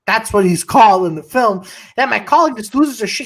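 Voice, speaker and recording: A man's voice: sits high, lively intonation, a little fast, few pauses. A man co-hosting a live podcast, telling a rambling story with lots of swearing and restarts, and breaking off to greet viewers. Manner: shouts out viewers mid-story. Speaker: podcast co-host. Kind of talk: casual live-stream chat.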